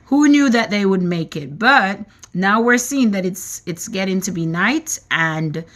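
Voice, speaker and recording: A woman reading a children's book aloud, expressive and animated. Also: on the low side. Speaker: reader.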